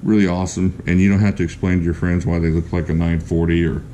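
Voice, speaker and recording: A man giving a casual, chatty knife review, enthusiastic and quick to laugh. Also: deep voice, flat delivery, dark tone, slight background noise.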